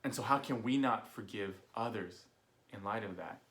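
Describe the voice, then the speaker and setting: A man's voice: fairly low pitch, normal speed, fairly bright tone. A young adult man, a youth director, giving a casual online sermon recap with an easygoing storytelling manner. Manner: casual storytelling with fillers, acts out quoted voices.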